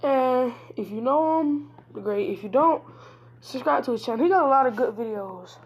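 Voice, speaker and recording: A woman's voice: sits high, lively intonation, moderate pace, slightly rough. A woman casually retelling a fan-made story in a rambling, slangy way, often restarting and correcting herself. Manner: offhand slangy speech. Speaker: YouTube storyteller.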